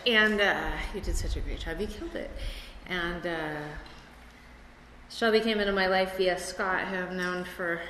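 A woman's voice: fairly low pitch, measured pace, bright, forceful tone, slight background noise. A speaker from Chicago sharing her story at a recovery meeting, rambling and chatty with lots of fillers, recorded in a meeting hall. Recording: echoey hall with room ambience.

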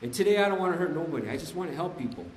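Man, somewhat high voice, animated slangy testimony to a group, long hall reverb. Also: racing. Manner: animated, slangy storytelling, often addressing the room. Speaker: speaker sharing at a recovery meeting. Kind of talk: personal recovery testimony to a group.

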